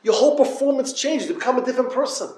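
A man's voice: extremely high pitch, lively intonation, rapid-fire, a little mellow, slight background noise. A man giving a Torah talk to yeshiva students in yeshivish English, speaking straight to them and telling a story. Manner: storytelling, addresses listeners directly; Yiddish-inflected yeshivish English. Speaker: yeshiva lecturer. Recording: echoey room.

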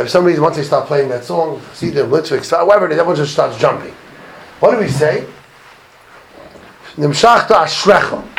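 A man giving a sermon as a rabbi, telling stories in an animated way that swings from hushed asides to near shouts. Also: fairly high pitch, gravelly, a little hiss or hum, low-quality recording.

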